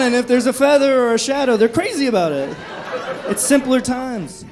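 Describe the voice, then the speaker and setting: A man's voice: sits high, expressive, fairly quick, crowd noise, background noise. A young adult man doing a stand-up comedy set on a club stage, profane and rambling, often laughing at his own jokes. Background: audience laughter.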